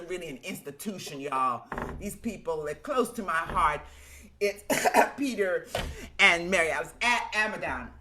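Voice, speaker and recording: A woman's voice: fairly low pitch, sharp tone, a little hiss or hum. A woman hosting a livestream singing program, exuberantly whooping and greeting viewers one by one by name over a video call. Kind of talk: lively livestream welcome.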